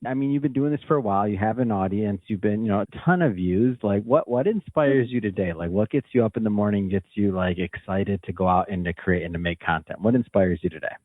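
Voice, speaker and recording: A man's voice: lowish voice, quick pace, hardly any pauses, dry recording. A man hosting an interview, asking encouraging questions and rephrasing them as he goes. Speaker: podcast host, interviewer. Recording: dry, narrow phone-like call audio.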